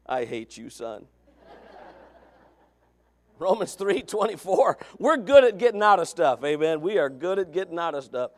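A pastor in his thirties preaching with a high voice for a man. He talks in a chatty way, drops into quiet asides, then rises into shouted points. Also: fairly quick, few pauses. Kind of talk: sermon.

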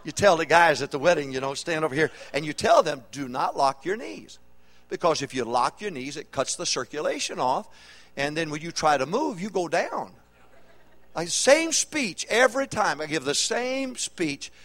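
A middle-aged man, a pastor, delivers a humorous and animated sermon in a church auditorium at normal speed. His voice is a little high, and he engages the congregation with call-and-response questions.

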